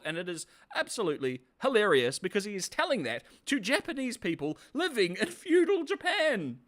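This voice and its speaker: A man giving casual, sarcastic commentary as a video reviewer, laughing often and animated. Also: high-pitched, moderate pace, few pauses.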